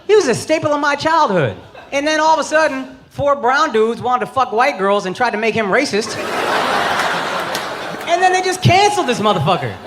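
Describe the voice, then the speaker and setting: High-voiced brash man doing stand-up. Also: big pitch swings, moderate pace. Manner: brash, profane, mocking delivery. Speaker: stand-up comedian. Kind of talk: stand-up comedy set. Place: comedy stage before a live audience. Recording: live show with loud crowd laughter.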